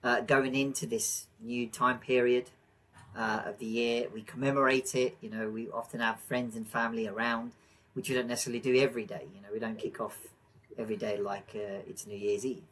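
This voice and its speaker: A man co-hosting a podcast in casual chat, rambling with fillers and quick to laugh. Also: mid-range voice, flat delivery, a bit bright, poor audio. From England. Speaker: podcast co-host.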